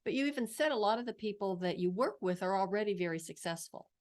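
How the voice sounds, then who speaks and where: A woman's voice: medium pitch, expressive, fast talker, a little mellow. A woman hosting a podcast, asking questions hesitantly with many fillers. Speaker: podcast host. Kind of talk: interview questions.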